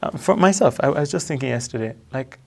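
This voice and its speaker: A man in a religious discussion, quickly reciting Quranic verses in Arabic and then explaining them in English. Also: mid-range voice, animated, vocal fry. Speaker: religious commentator. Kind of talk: discussion analyzing a religious letter.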